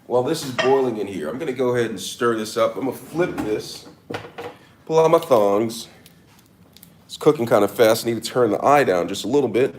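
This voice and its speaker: A man's voice: medium pitch, lively intonation, fairly quick, slight background noise. Man, cooking vlog, mock-serious, hammy, home kitchen, drifts from the mic. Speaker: cooking vlogger. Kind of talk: casual cooking demo to camera.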